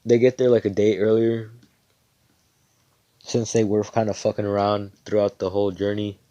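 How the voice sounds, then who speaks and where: A man's voice: fairly low pitch, level tone, normal speed, mellow, no room sound, muffled recording. A young man casually telling a fan story, rambling with slang and frequent swearing.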